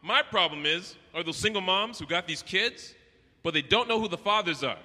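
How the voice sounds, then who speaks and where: A Canadian man does a brash, profane stand-up set at a live venue, acting out voices as he goes. His voice is high and animated, with a sharp tone at a normal speed. The hall is echoey, with faint background noise.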